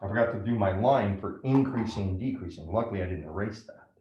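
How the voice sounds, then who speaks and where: A man's voice: lowish voice, quick pace, reverberant, dull audio. A man teaching a math lesson step by step, often checking in with "right?". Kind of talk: classroom lecture at a whiteboard.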